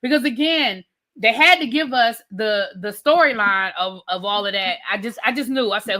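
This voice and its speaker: A woman hosting a casual live TV review, recapping scenes with chatty asides to her viewers. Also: medium pitch. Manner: chatty, animated storytelling with frequent asides to viewers. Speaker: TV review host.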